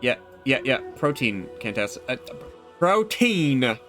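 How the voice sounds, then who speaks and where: A male streamer chatting casually while he plays, rambling, laughing and answering his chat. His voice is in an everyday middle pitch, and game music plays clearly in the background. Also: lively intonation, brisk, fairly bright tone.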